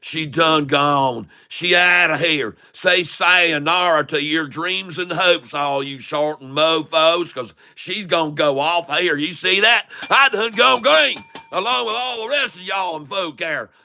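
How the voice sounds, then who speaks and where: A man's voice: on the high side, a little slow, creaky, hardly any pauses, pushed and bright, voice pushed up, full character voice. A man putting on a gleeful, rowdy country redneck character, drawling and hollering folksy exclamations while he trades.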